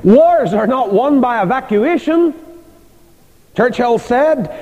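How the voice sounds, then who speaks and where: A man's voice: extremely high pitch, expressive, slow pace, darkish tone. An older man preaching a sermon about marriage, telling stories with emphatic delivery and rhetorical questions. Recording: long hall reverb.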